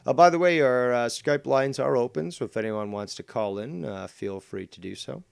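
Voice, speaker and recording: A man hosts a stream and tears into a rival's clip with sneering, profane put-downs. His voice is smooth and clear, recorded close and dry with no room sound. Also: mid-range voice, moderate pace, no room sound. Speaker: stream host reviewing clips. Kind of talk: mocking commentary over a clip.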